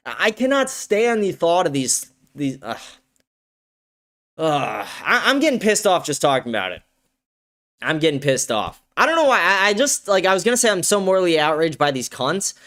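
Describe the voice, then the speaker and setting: A man's voice: on the high side, fairly bright tone. A young man hosting a live-stream show, ranting in heated, profane bursts and repeating his points over and over. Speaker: show host.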